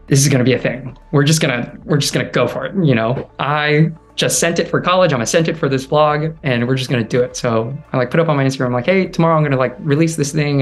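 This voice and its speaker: A young man earnestly telling a personal story, quick and full of "like". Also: medium pitch. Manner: fast, earnest, heavy on "like".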